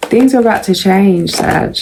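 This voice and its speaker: A woman doing a casual tarot reading, musing and unhurried, with frequent pauses and ums. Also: mid-range voice, gravelly, background noise. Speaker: tarot reader.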